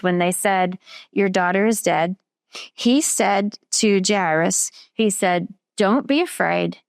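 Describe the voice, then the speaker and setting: A woman teaching children a Bible story, asking them questions and slowing down on key words. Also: mid-range voice, dry recording, studio quality. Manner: patient, questioning, slows down for emphasis.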